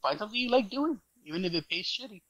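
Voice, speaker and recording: A man's voice: sits high, lively intonation, quick pace, fairly bright tone, no room sound, dull audio. A man co-hosting a podcast, ranting in casual chat with restarts and casual swearing. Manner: opinionated, rambling with restarts and swearing. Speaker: podcast co-host.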